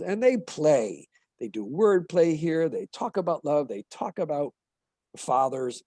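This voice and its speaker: Lively, gravelly-voiced male lecturer. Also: on the high side, measured pace, no echo. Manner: animated, explanatory, taps out rhythms aloud. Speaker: literature lecturer. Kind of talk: classroom book-talk lecture.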